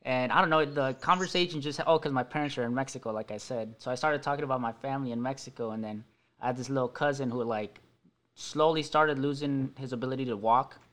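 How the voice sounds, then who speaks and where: A man's voice: medium pitch, fast. A young man hosting a casual podcast, telling stories with frequent laughter and plenty of swearing. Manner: laughs often, swears a lot, animated storytelling. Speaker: podcast host. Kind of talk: casual stoner podcast chat.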